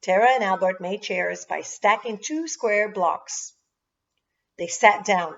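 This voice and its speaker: A woman preschool teacher reading a children's storybook aloud in an expressive storytelling manner, on a dull lo-fi recording. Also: mid-range voice, a little slow. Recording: dull lo-fi sound.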